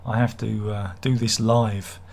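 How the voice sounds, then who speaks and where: A man's voice: lowish voice, little pitch movement, unhurried, vocal fry, darkish tone, a little hiss or hum. A man hosting a casual live stream, reading out viewer comments and joking in a rambling, self-mocking way.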